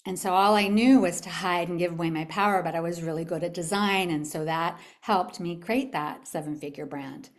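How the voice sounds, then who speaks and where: Female summit speaker, motivational talk, animated storytelling, asks the audience questions. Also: lowish voice, normal speed, hardly any pauses. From California. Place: event room with a live audience.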